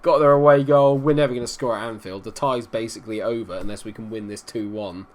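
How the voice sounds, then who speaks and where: A young man commentating on his football management game, casual and frustrated, muttering low, then shouting when his team scores. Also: steady tone, quick pace. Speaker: gaming commentator.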